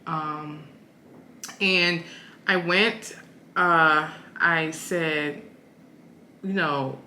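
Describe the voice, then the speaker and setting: A woman in her thirties, a family vlogger, casually tells how she met her husband, flustered and giggly and often tacking on "okay?" Her low voice is steady, extremely slow, pushed and bright. The low-quality recording has an echoey room and slight background noise.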